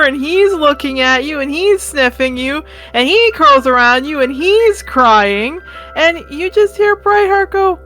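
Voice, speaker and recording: A woman running a tabletop game as game master, narrating the scene slowly. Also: high-pitched, fairly bright tone.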